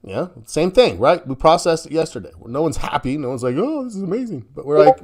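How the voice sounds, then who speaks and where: A man hosting a live-stream market commentary, chatty and quick to laugh, often restarting and repeating words as he talks. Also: fairly high pitch, expressive, darkish tone. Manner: self-correcting, repeats words. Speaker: host.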